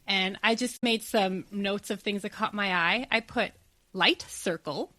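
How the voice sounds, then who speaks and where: A woman co-hosting a podcast in casual chat, animated and laughing often. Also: mid-range voice, measured pace, dry recording. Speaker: podcast co-host.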